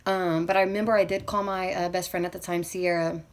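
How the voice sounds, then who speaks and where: A woman's voice: fairly low pitch, flat delivery, fairly quick. Emotional young woman rambling through a story. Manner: rambling, full of fillers like "you know what I mean". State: emotional, near tears. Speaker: vlogger.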